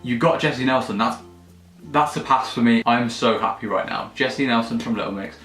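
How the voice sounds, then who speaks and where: Jokey young vlogger, mid-range voice, casual swearing, echoey room with soft music underneath. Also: male voice, mid-range voice, fairly quick. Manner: jokey, excitable, swears freely. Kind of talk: casual direct-to-camera chat.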